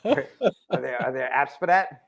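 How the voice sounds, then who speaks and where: A man hosting a podcast, chatting casually in excitable, playful banter full of slang. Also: medium pitch, moderate pace, creaky. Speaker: podcast host. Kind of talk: casual chat.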